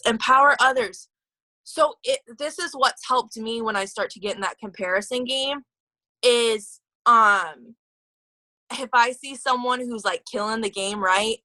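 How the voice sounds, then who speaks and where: A woman's voice: a little high, bright, forceful tone, no room sound, rough recording. A woman leading a motivational team call, chatty and gushing, with lots of fillers and restarts. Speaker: team leader.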